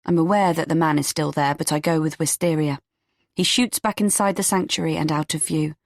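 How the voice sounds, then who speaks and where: Lowish-voiced woman narrating an audiobook. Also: darkish tone, no echo, clean studio sound. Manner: tense, measured storytelling. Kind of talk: first-person audiobook narration.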